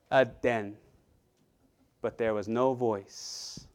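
Animated, clear-voiced male preacher. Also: medium pitch, takes it slowly. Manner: animated preaching with frequent repetitions and asides to the congregation. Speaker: pastor. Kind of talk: sermon.

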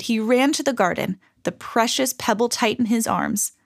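This is a female narrator bringing a kids' storybook to life in an expressive, animated reading. Her somewhat high voice has a creaky texture, moves at normal speed, and rarely pauses.

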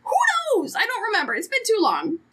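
A woman with a high, bright voice co-hosts a casual podcast chat. She is frank, swears freely and keeps joking. Her pitch swings widely as she talks. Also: wildly swooping pitch, fairly quick. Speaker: podcast co-host.

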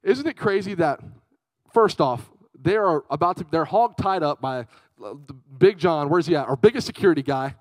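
A young man preaching a lively youth sermon, telling stories with big swings from loud to hushed. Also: on the high side, normal speed, dry recording, rough recording. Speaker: youth pastor.

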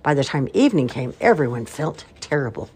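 An older woman reading a children's storybook aloud, warm and expressive. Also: extremely low pitch, a little fast, a little hiss or hum.

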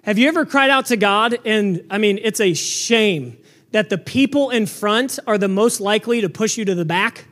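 Very high-voiced loud preaching man. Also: moderate pace. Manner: loud, earnest, repetitive restarts. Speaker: pastor. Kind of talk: sermon. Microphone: microphone.

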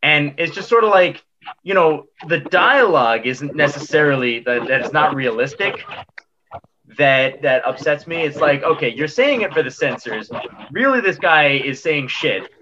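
A man's voice: fairly high pitch, expressive, moderate pace, bright, forceful tone, lo-fi sound, a little hiss or hum. A man co-hosting a podcast, ranting emphatically about something that annoys him. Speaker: co-host. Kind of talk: casual podcast chat.

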